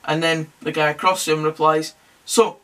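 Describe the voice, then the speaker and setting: Chatty man, bright voice, off-mic. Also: a little high, flat delivery, normal speed, smooth, recorded from a distance. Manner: chatty, jokey, wry asides. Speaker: podcast host. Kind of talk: casual solo football commentary.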